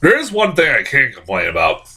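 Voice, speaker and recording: A man's voice: mid-range voice, wildly swooping pitch, fairly quick, vocal fry, bright, forceful tone, slightly rough. A man giving a casual spoken movie review, rambling, swearing a lot and often laughing.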